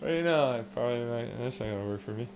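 Profane, ranting man with a lively voice. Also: mid-range voice, fast, clear, resonant tone. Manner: profane, rambling, swings between mutters and shouts. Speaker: vlogger. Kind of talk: ranting monologue.

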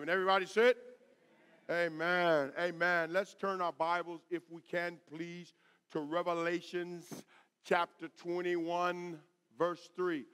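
A middle-aged man preaching a sermon as pastor, with call-and-response and rising shouts. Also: high-pitched, little pitch movement, slow pace, clean tone. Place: church sanctuary. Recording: echoey church hall.

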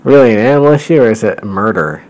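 A man's voice: fairly low pitch, lively intonation, quick pace, darkish tone, low-quality recording. A man hosting a show, reading a story aloud with wry, amused commentary. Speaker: host.

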